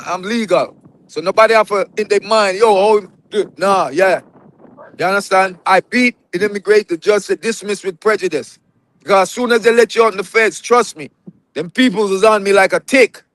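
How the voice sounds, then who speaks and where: A middle-aged man with a Jamaican accent that comes and goes, pitched notably high for a man. He talks emphatically and tells his story in a loose, preaching way, calling the listener brethren. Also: a little fast, a bit bright. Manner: emphatic storytelling, drifts in and out of patois, says "brethren". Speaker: guest. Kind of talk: casual live-stream interview.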